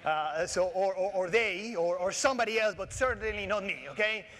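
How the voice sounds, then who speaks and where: A man with a Latin American Spanish accent giving a conference keynote lecture in an animated, joking way, with frequent restarts and fillers. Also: high voice, moderate pace, a little hiss or hum. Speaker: keynote speaker. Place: large conference hall. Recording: long hall reverb.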